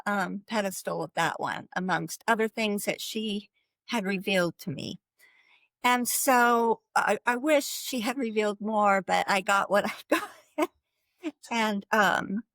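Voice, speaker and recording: A woman giving a personal faith testimony as a guest, talking in an earnest, halting way with restarts and light laughs. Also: medium pitch, fairly bright tone, no echo, low-quality recording. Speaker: guest sharing her life story.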